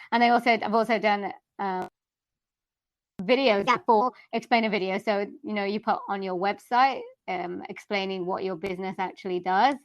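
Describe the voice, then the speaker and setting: A woman's voice: mid-range voice, dull audio. A woman with a Welsh accent, a voiceover artist from South Wales, chatting casually as a podcast guest with lots of ums and likes.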